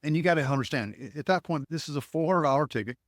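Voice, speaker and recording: Middle-aged man telling animated stories. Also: a little high, fast talker, dry recording, studio quality. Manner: animated storyteller, acts out dialogue, frequent restarts. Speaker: guest, ticket broker. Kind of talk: storytelling in a podcast interview.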